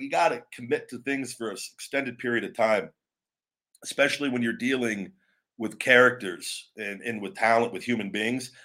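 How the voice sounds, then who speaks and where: A man hosting a live wrestling show, berating online trolls with heavy swearing, then talking things over in a looser, rambling way. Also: mid-range voice. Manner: profane, aggressive, berating trolls; calmer, rambling with restarts. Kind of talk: live stream rant and commentary.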